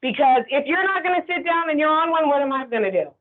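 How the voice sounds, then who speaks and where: A woman's voice: high-pitched, animated, quick pace. A woman instructor giving a conversational training lecture, often checking in with the class. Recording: tinny phone-like sound.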